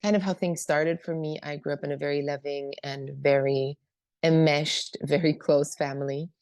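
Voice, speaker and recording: Emotional woman with a low, creaky voice. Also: fairly even intonation, moderate pace, a little mellow, dry recording. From Germany. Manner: emotional, hesitant, many fillers. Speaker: speaker sharing her recovery story. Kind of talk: personal testimony at a meeting.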